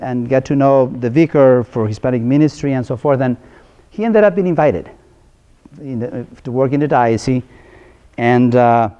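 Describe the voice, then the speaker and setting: A man speaks to a room of ministers in an earnest, conversational lecture, often restarting phrases and checking that his points land. His voice is mellow and dark, and the recording sounds dull and lo-fi. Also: mid-range voice. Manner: earnest, with frequent restarts and rhetorical questions.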